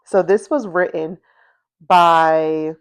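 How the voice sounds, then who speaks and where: A woman's voice: lowish voice, slow pace, smooth. A woman hosting a history podcast, telling the story in a chatty, casual way, full of fillers and checking in with her listeners. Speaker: podcast host.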